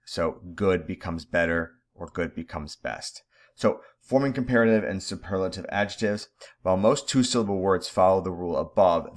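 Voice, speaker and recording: Very low-voiced man teaching grammar. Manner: casual, talks to students directly, jokes at own typos. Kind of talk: recorded grammar lesson over slides.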